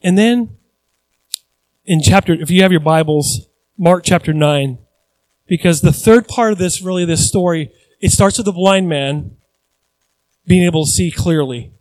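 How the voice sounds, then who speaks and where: A high-pitched man preaches a sermon with lively energy. He acts out the voices of Bible characters and drops in self-deprecating asides, often restarting mid-sentence. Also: measured pace, long pauses, no echo, low-quality recording. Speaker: pastor.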